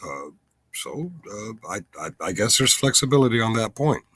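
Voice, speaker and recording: Husky rambling man hosting a livestream. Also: lowish voice, sing-song, moderate pace, fairly bright tone, dry recording. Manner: rambling, self-interrupting, wry. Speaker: livestream host. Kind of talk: casual livestream chat.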